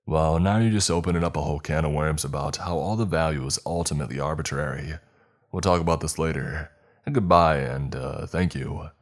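A man voicing a gruff, curt older male shopkeeper in a narrated horror story. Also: very deep voice, a little fast. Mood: brusque.

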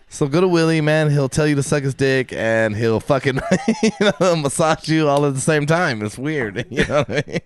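A man's voice: fairly high pitch, lively intonation, unhurried. A man co-hosting a podcast in casual chat, telling stories with lots of swearing and laughter and acting out what people said. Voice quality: swearing, laughing storyteller who acts out quotes. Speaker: podcast co-host.

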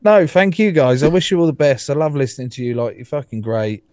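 Laughing, sweary man with lively pitch. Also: quick pace, no room sound. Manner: sweary, rambling, laughs often. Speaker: podcast guest. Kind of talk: casual chat.

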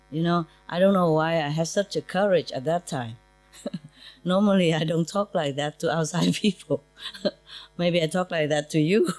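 A woman teacher speaks to her disciples in a relaxed, humorous lecture, with a fairly low voice. Her English is non-native and simply built, full of quick asides. The sound is close and dry, with no room around it. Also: no echo. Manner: chatty and humorous, laughing between asides. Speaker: spiritual teacher addressing disciples. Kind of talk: informal spiritual lecture. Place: meditation centre lecture.

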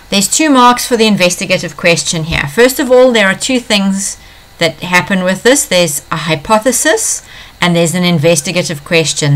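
Woman science teacher, slightly low voice, patient walkthrough of an exam paper, repeats key points. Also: fairly bright tone. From South Africa.

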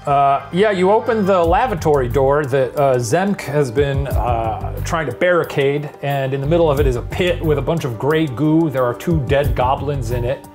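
A man in his thirties runs a tabletop game as game master, describing scenes in a dry, meandering style with plenty of pauses. His voice sits at a middling pitch, with faint music playing behind him. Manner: relaxed, dry, meandering with fillers.

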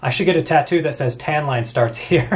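A man's voice: on the high side, expressive. Joking young man answering fan questions. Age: 20s. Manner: reads comments aloud, then answers with quick jokes and frequent laughs. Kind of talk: casual Q&A vlog.

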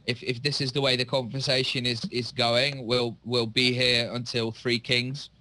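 A man voicing a sly, guarded male agent in a tabletop game, pressing his point in a bright tone. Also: mid-range voice, flat delivery, moderate pace, lightly acted.

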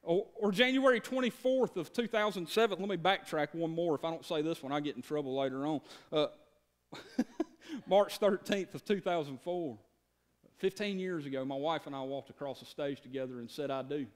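High-voiced pastor preaching folksily. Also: male voice, moderate pace. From Georgia, USA. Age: 30s. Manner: folksy, joking, stammers and repeats words. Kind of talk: sermon.

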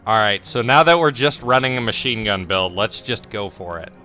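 A young man giving casual, excitable commentary over his own gameplay, swearing freely and breaking into yelps and laughter. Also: on the low side, moderate pace, soft background music. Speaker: gameplay streamer.

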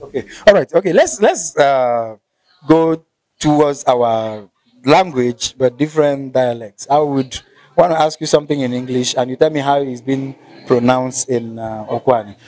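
Nigerian male interviewer, polite and measured, mid pitch. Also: a little mellow. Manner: polite, measured, stumbles when improvising. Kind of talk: casual interview questions.

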